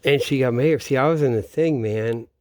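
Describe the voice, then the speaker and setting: A man's voice: mid-range voice, normal speed, darkish tone, dry recording, studio quality. A man vlogging in a meandering, profane casual monologue, often trailing off and restarting sentences. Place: home in Florida, at night.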